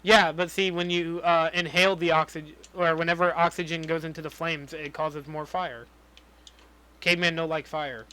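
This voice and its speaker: A man's voice: on the high side, little pitch movement, fairly quick, few pauses, pushed and bright, smooth. A young man co-hosting a podcast in casual chat, griping about a movie with a lot of swearing. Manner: profane, ranting movie criticism. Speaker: podcast co-host.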